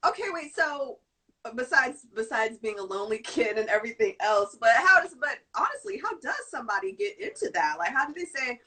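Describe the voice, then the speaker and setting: A woman hosting a live-stream interview, speaking excitably and talking up to an iPad set some distance away. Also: fairly high pitch, brisk, breathy edge. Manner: excitable, exclaiming. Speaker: interviewer host.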